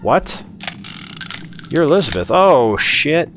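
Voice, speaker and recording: A man hosting a let's play, commenting excitedly on a horror game and swearing at scares. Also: on the high side, slow, background noise. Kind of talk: gameplay commentary.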